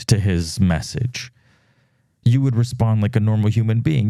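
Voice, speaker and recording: Low-voiced guy podcasting solo, lots of "like", acts out the texts, dry close mic. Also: a little slow, no echo. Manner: animated storytelling, acts out quoted texts; frequent fillers. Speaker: podcast host. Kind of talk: casual monologue.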